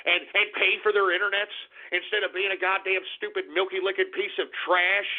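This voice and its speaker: A man's voice: high-pitched, flat delivery, fairly quick. A man playing a hot-tempered old radio host and war veteran, who launches into explosive, cursing tirades at his listeners. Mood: sneering. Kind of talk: comedic radio character rant. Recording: tinny phone-like call-in radio line.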